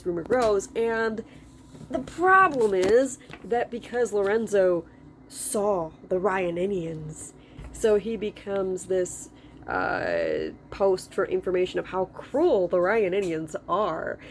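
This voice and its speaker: A woman's voice: medium pitch, slow, slight background noise. A woman telling a character's backstory in a casual, rambling chat. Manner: rambling, lots of fillers and restarts. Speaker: video creator discussing a character.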